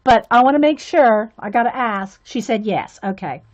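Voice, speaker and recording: A woman's voice: fairly high pitch, animated, moderate pace. A woman hosting a casual livestream while coloring, chatty and gushing with frequent exclamations. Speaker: livestream host coloring with viewers. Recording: dull lo-fi sound.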